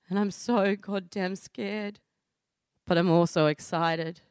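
An Australian woman in her thirties giving a heartfelt personal storytelling performance, earnest, with deliberate pauses. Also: lowish voice, fairly even intonation, a little mellow, clean tone, no echo, clean studio sound.

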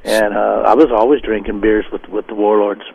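A man's voice: lowish voice, flat delivery, moderate pace, vocal fry, a little mellow, breathy edge. A man from the Denver area, a guest telling his life story and acting out the people he quotes. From Denver area, Colorado. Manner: storytelling, acts out quoted voices. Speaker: guest, former gang member. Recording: tinny phone line.

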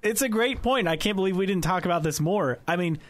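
A man co-hosting a podcast in casual chat, relaxed and chatty. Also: high voice, a little fast, no echo. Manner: relaxed, chatty, laughs often. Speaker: podcast co-host.

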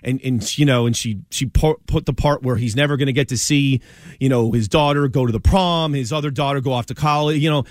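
Male sports talk co-host, emphatic and stammering, mid-pitched, dry close studio sound. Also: a little fast, dry recording. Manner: emphatic, stammering restarts, opinionated. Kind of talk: sports talk radio banter.

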